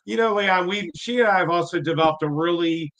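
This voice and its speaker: Excited guy hyping up a guest, a bit high-pitched, rambles. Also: a little fast. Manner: enthusiastic and effusive, rambling. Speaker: host introducing the guest. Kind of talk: casual chat.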